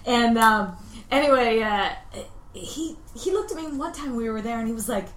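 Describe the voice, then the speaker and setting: A woman's voice: a little high, animated, normal speed, fairly bright tone. A woman chatting casually as a podcast co-host, rambling and giggling through her stories. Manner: giggly, rambling storyteller with frequent restarts. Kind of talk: casual chat. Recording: roomy room sound.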